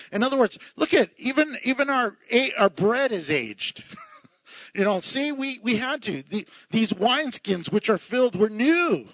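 A man preaching a sermon as pastor, animated, laughing at his own asides and acting out the people in the reading. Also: very high-pitched, measured pace, no room sound, muffled recording.

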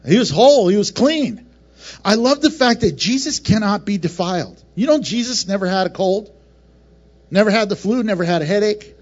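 Man, pastor, sermon, high voice, passionate, playful asides, muffled lo-fi sound. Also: expressive, moderate pace. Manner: passionate, varied delivery with laughs and acted asides.

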